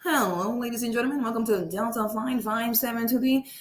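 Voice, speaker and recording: A woman voicing a male airline pilot making a calm, slow, laid-back announcement. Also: on the high side, reverberant, voice pushed down, natural voice. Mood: drawling.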